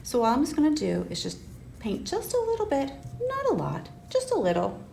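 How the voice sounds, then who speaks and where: A woman presenting a children's library program, animated and gasping with exaggerated delight. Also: sits high, fairly quick, gravelly. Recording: roomy echo, distant mic, faint hiss.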